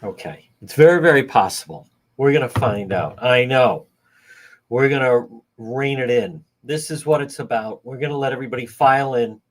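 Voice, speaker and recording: A man's voice: medium pitch, moderate pace. A man hosting a livestream, talking heatedly and indignantly to his viewers and greeting them by name. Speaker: livestream host.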